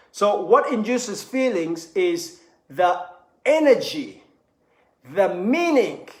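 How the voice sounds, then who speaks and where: A high-sitting male voice, captured with a roomy sound, belongs to a motivational speaker. He stresses ideas through repeated phrases and dramatizes quoted lines.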